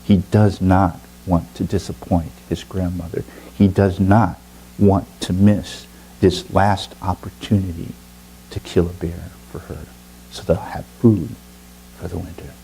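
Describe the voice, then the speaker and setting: A man telling a folk tale aloud with slow, drawn-out, dramatic pauses. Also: sits low, fairly even intonation, vocal fry, warm tone, slight background noise, poor audio. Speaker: storyteller. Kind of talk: oral storytelling.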